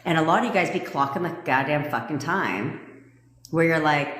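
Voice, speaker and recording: Low-voiced woman, brash manifestation coach, swears freely and laughs between points; echoey room sound. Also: a little fast. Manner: blunt and profane, laughs often. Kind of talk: casual livestream talk. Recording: echoey room with long reverb.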